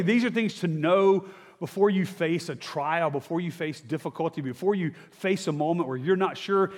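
A man preaching a sermon in a conversational way, tossing in "right?" and "okay?", rising for emphatic lines and dropping low for quiet asides. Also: in a large hall. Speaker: pastor.

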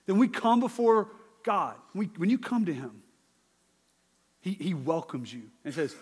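A man, a father, preaching a sermon in a conversational, animated way, swinging from loud emphasis to hushed asides. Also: on the high side, measured pace, pauses often, slightly rough, in a large hall. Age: adult father. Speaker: pastor.

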